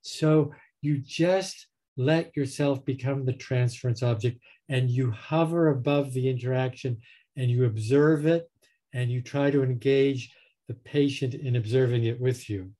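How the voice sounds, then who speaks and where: Give me a male psychotherapist telling patient stories with dry humor in a measured, mid-pitched voice over a video call. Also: mellow. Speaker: psychotherapist guest. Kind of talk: explaining with clinical anecdotes.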